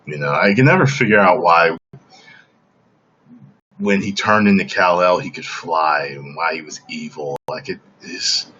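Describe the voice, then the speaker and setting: A man's voice: low-pitched, a little slow, pushed and bright, slightly rough, dull audio. A man hosting a casual livestream chat, talking emphatically and often checking in with the audience. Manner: emphatic, keeps asking "okay?". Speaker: livestream host.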